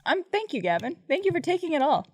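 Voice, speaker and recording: A woman's voice: high-pitched, big pitch swings, fast talker, darkish tone, no echo. A woman chatting casually on a podcast. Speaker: podcast co-host. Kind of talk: casual chat.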